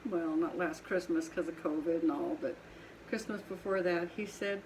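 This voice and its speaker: A woman's voice: fairly low pitch, normal speed, a little mellow, a little hiss or hum, poor audio. A middle-aged woman from Colorado with a Southern twang and a sniffly nose, chatting casually in her home pottery studio while she works, rambling and laughing often. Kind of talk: casual chat while working.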